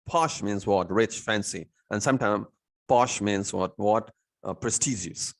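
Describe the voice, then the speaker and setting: A man's voice: fairly low pitch, unhurried. A man who teaches a lesson. He asks "means what?" and then answers himself, and he fills gaps with "you know". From India. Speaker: English teacher. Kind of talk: recorded lesson explaining vocabulary.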